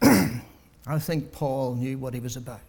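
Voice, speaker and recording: Preaching to a congregation, this man climbs to booming, emphatic high points and then drops his voice down, posing rhetorical question after rhetorical question. He grows breathless along the way, speaking slowly with a creaky vocal fry.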